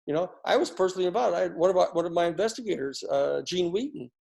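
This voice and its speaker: A man's voice: high voice, fast, gravelly, darkish tone. An older man from the United States giving a rambling, sarcastic political commentary, full of fillers and restarts. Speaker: speaker giving a political talk. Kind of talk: casual spoken commentary.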